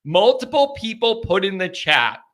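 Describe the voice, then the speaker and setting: A man hosting a live sports call-in stream, rambling and animated. His voice sits a little high, with a bright, forceful edge, and he keeps circling back to the same phrases. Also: moderate pace. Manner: animated, rambling, repeats himself.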